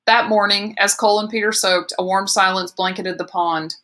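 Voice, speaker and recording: Woman reading a chapter book aloud, steady storytelling, bright tone. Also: medium pitch, normal speed. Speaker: audiobook reader. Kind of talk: scripted narration.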